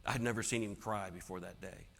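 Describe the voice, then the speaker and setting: A man telling a personal story as a keynote speaker, dramatic and swinging from hushed to loud. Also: on the low side, fairly even intonation, fast, gravelly. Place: large conference hall. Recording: long hall reverb.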